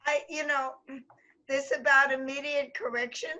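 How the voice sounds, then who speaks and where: A woman on an educators' panel who makes her points with measured rhetorical questions. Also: high voice, flat delivery, pushed and bright, lo-fi sound. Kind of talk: panel discussion.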